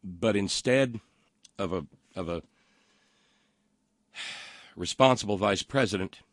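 A man's voice: lowish voice, a bit bright, dry recording, clean studio sound. A man hosting a political talk show, reading listener comments and mocking the news with sarcasm and lots of ums and uhs. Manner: mocking, sarcastic, halting with many fillers.

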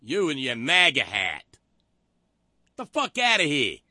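A man doing a loud, profane woman with a New York accent who jeers from a car window. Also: fairly high pitch, wildly swooping pitch, unhurried, dry recording, studio quality, voice pushed up, full character voice. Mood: scornful.

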